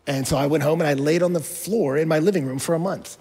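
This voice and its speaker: A man's voice: fairly high pitch, fast, a little mellow, husky, long reverb tail. A man preaching a sermon as a pastor, telling a story in a conversational way with touches of humor.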